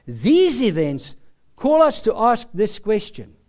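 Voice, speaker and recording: A man preaching a sermon, slow and emphatic, with dramatic pauses. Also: sits high, huge pitch swings, a little mellow.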